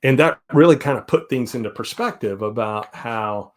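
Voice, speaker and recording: A man's voice: mid-range voice, moderate pace. A man in his forties with a Southern US accent, chatting casually on a live stream in an easygoing, rambling way. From South Carolina, US. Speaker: guest host.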